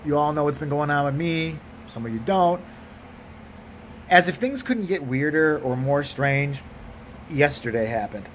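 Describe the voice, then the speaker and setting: A tired vlogger with a Chicago accent rants casually, telling a comic, profane story about a bank mix-up. He speaks at a measured pace in a fairly high voice, with a little hiss or hum in the background.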